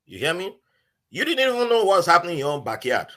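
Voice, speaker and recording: This man's voice sits high and moves fast; he has a Nigerian accent and appears as a podcast guest. He tells a story casually and animatedly, performing the voices of those he quotes.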